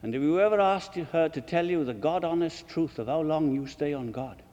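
Preacher guy lecturing other preachers, kinda high voice, big emphatic swings loud to quiet, long echo like a big hall. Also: animated, moderate pace. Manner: emphatic, rhetorical questions, swings between soaring and hushed. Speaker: preacher addressing fellow preachers. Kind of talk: sermon lecture. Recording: long reverb of a large hall.

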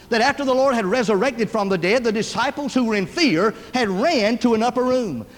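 A male preacher with a very high voice delivers a sermon, drifting into folksy stories and acting out the people in them. His words ring out with a long reverb, as if in a large church sanctuary. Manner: storytelling preacher, acts out voices in anecdotes.

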